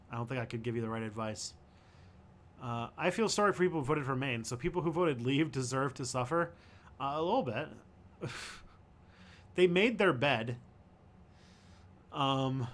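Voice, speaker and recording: A man hosting a casual livestream, reading out viewer questions and answering them as he goes. He talks in halting bursts and circles back to restart his sentences. His voice sits in an ordinary middle pitch. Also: a bit bright. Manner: thinks aloud, halting, with many fillers and restarts.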